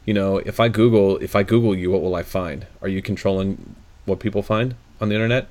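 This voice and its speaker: A man with a very low voice chats casually as a podcast co-host. He talks with eager enthusiasm and keeps restarting his phrases as he goes. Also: fairly even intonation, fairly quick, a little mellow. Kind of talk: casual chat.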